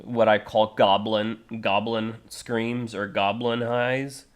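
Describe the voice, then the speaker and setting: A man's voice: fairly low pitch, flat delivery, slow pace, clean tone. A man in his thirties chatting on a live stream, rambling with many fillers and restarts, now and then breaking into harsh vocal demonstrations. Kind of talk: casual live-stream chat.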